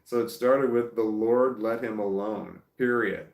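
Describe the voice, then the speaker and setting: A man's voice: fairly low pitch, measured pace, roomy sound. A Southern man with a Southern American accent, casually reading and reacting to live comments in a stop-start, chuckling way. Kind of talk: casual livestream chat.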